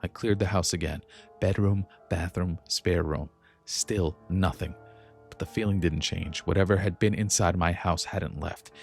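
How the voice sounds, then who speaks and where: A man with a very low, gravelly voice tells a first-person horror story in a measured, tense way. His narration sounds scripted and steady. Faint instrumental music plays softly under him. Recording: soft music bed behind the voice.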